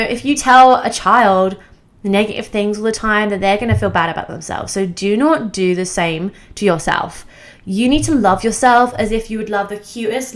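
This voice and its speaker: Young woman doing a motivational vlog, bubbly and emphatic, laughs a lot mid-sentence, middle pitch. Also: a bit bright. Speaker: self-improvement creator. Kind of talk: casual motivational talk to camera.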